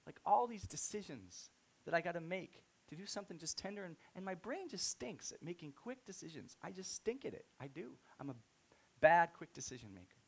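A man in his thirties preaching a sermon, telling a story and swinging from soft-spoken to loud, excited outbursts. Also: fairly high pitch, fairly quick, gravelly, breathy edge. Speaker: pastor.

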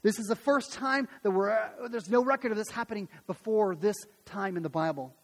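A pastor preaching a sermon and retelling a Bible story, acting out the voices of its people in a lively way. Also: male voice, high-pitched, brisk, long reverb tail. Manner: animated storytelling, acts out voices.

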